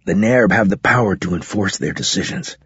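A man's voice: low-pitched, lively intonation, brisk, a bit bright, breathy edge, no room sound, full character voice. Matter-of-fact young soldier, dry dull recording, a man reading it. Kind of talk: audiobook character reading. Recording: dull, muffled audio.

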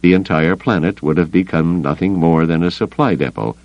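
A man narrating an audiobook in a steady, even storytelling manner. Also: deep voice, normal speed, dry recording, dull audio. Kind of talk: scripted narration.

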